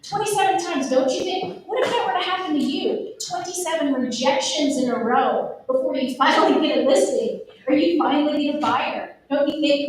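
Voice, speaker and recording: A middle-aged woman with a Texan accent gives a lively, emphatic motivational talk, speaking straight to the audience. Her voice sits high, and it rings through a very echoey room. The mic catches her from a distance, with faint noise underneath. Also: fairly quick. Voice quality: lively and emphatic, addressing the crowd directly. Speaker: speaker at a real estate event. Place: event room.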